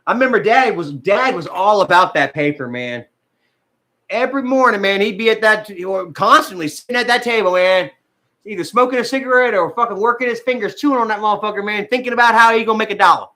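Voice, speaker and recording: Male vlogger, high and bright, profane and rambling; casual live-chat delivery. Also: quick pace. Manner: rambling, profane, says man and bro a lot.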